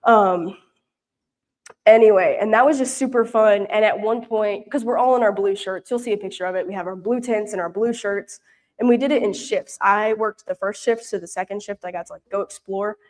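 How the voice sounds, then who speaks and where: This mission intern, a young woman from Louisiana in the US South, speaks at normal speed in a mid-range, a little mellow voice. At a church prayer meeting, showing pictures, she tells stories in an easygoing, talkative, rambling way, with lots of fillers and restarts.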